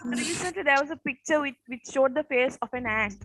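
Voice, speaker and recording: A woman teacher with a high voice and a rough morning rasp tells a story to her class. She talks casually, says "okay" often and keeps checking in with questions. The sound is dry and close, with no room around it. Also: a little fast, fairly bright tone, no echo, poor audio. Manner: peppers speech with "okay" and quiz questions.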